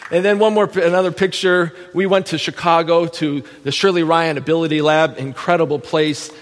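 A man's voice: on the high side, fairly even intonation, moderate pace. A middle-aged man giving an emotional testimony to a church congregation, telling his story with feeling and frequent laughter. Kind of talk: testimony sermon. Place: church sanctuary. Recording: long church hall reverb.

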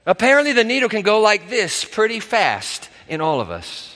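A man's voice: sits high, wildly swooping pitch, measured pace, sharp tone. A male pastor preaching a dramatic sermon in a church, acting out the voices he quotes. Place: church sanctuary. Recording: reverberant hall.

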